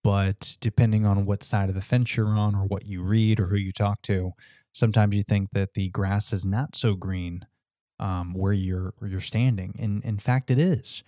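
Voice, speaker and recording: A man's voice: on the low side, steady tone, normal speed, mellow, dry recording, studio quality. A man hosting his podcast in casual chat, laid-back, with lots of fillers and swearing. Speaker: podcast host.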